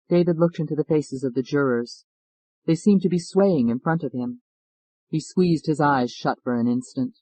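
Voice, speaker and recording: A man narrating an audiobook in an even, measured storytelling manner, on a close studio mic. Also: fairly high pitch, no echo, poor audio. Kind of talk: scripted narration.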